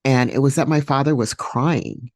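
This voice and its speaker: A woman hosting a podcast, telling a personal story solo in a reflective, unhurried way with many fillers and restarts. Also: rumbling low, darkish tone, no echo, studio quality. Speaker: podcast host.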